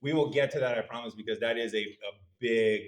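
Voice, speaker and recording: A man giving a university lecture at a middle pitch, conversational and good-humored, turning to the audience with questions. The room is roomy and echoes around him. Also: brisk. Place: lecture hall.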